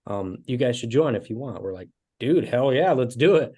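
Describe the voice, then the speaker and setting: A man in his twenties, a guest musician, telling animated stories with casual fillers in an interview. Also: mid-range voice, moderate pace, breathy edge. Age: 20s. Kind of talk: storytelling interview.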